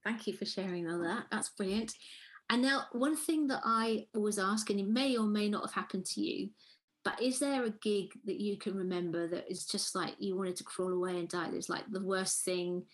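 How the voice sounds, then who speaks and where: A woman's voice: mid-range voice, normal speed, rough recording. A woman hosting an interview, who thanks her guest and asks him her standard questions with short affirmations. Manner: asks questions in set routine, brief affirmations. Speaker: podcast host. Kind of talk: interview host.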